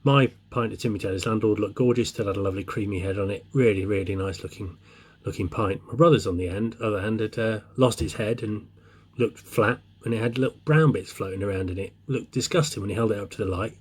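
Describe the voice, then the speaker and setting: Husky man telling a joke. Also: fairly low pitch, fast talker, hardly any pauses. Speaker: joke teller.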